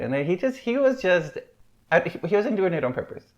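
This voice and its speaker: A man chatting casually as a podcast guest, rambling and filling every pause with "like". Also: a little high, animated. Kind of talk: casual chat. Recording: muffled lo-fi podcast audio.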